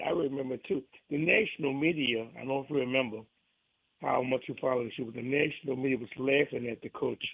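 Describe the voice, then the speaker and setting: A man's voice: mid-range voice, vocal fry, breathy edge, no room sound. A man from New Orleans with a New Orleans accent, calling into a radio show and talking in a rambling, folksy way with many restarts. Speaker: caller. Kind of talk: call-in radio chat. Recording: tinny phone line.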